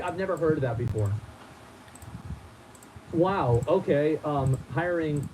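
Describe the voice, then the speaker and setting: A man streaming, reading a formal statement aloud and breaking off into halting, incredulous asides. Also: fairly high pitch, expressive, noisy background.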